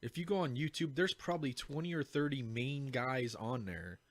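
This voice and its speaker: A man with a medium-pitched voice talks at a normal speed in a dry recording. A lawn care worker and show regular, he chats casually on a podcast, bluntly and profanely joking about his lawn care work.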